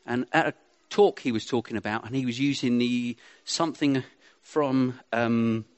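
A man's voice: mid-range voice, normal speed. A man giving an informal, chatty sermon to a congregation, rambling with self-deprecating asides. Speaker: preacher.

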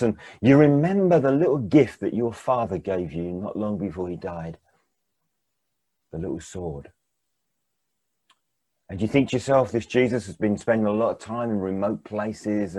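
A man preaching a sermon as second-person guided storytelling, dramatic, swinging between hushed and emphatic. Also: on the low side, husky, no room sound.

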